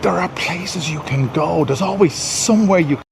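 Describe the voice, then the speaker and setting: A man with a slightly high voice vlogs into a handheld camera as he drives and walks around a city. He rambles and repeats himself, sounding self-satisfied, with a faint hum of traffic behind him. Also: moderate pace, gravelly. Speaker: vlogger. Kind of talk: walking vlog monologue. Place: outdoors in a city street and car.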